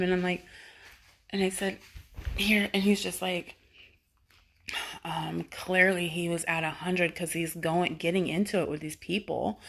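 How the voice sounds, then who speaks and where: A woman's voice: fairly low pitch, gravelly, a bit bright. A woman vlogger telling a story casually to camera, rambling with fillers and restarts and swearing freely.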